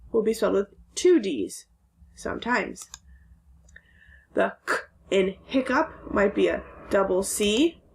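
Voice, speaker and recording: Woman, phonics teacher, slow unhurried pace, sounds out letters one by one, mid pitch. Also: vocal fry. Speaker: second grade teacher. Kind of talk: recorded phonics lesson.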